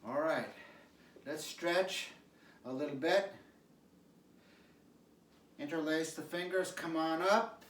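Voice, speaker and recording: A man teaching qigong, calmly cueing stretches and breathing sounds with repeated prompts. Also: fairly high pitch, takes it slowly, long pauses, a little hiss or hum. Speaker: qigong instructor. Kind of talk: guided exercise instruction. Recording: echoey room, mic at a distance.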